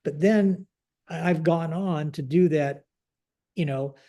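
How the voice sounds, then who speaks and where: A man in his sixties tells stories as a podcast guest in a mellow voice that sits a little high. He talks in a halting way, restarting his sentences and tagging them with a habitual phrase. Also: muffled recording. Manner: halting, frequent restarts, keeps saying "like this". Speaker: podcast guest, retired Air Force general. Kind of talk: conversational storytelling.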